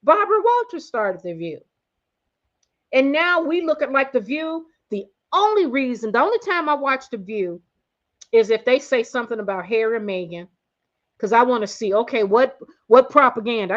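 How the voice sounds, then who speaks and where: A woman hosting a casual commentary livestream, excitable and blunt, talking directly to her viewers. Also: on the high side, dull audio. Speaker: host.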